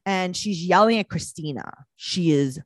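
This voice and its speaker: A woman from California co-hosting a chatty podcast, her voice pitched somewhat low. She talks loosely and laughs a lot. The sound is close and dry, with no room around it. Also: moderate pace, no echo. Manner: chatty, laughing often, acts out quoted people. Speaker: podcast co-host. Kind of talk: casual chat.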